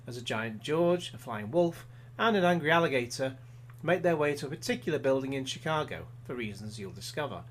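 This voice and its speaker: Man, film reviewer, scripted voice-over, dry sarcastic wit, mid-pitched voice.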